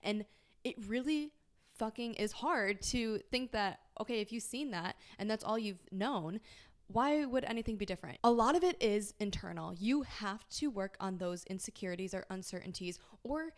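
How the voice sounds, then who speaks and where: A woman's voice: mid-range voice, animated, moderate pace. A woman hosting a podcast, reading out listener questions and giving candid, emphatic relationship advice in a casual chat, swearing freely. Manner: emphatic, reassuring. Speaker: podcast host.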